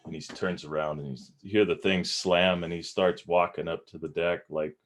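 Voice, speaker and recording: A man's voice: low voice, fairly even intonation, normal speed, few pauses. A man playing a tabletop game, describing what his character does. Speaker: player. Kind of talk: tabletop role-play narration.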